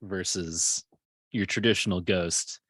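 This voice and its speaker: A man co-hosting a podcast, joking and animated, laughing as he talks. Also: low voice, slow, breathy edge, no room sound. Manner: jokey, animated, laughs often. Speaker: podcast co-host. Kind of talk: casual chat.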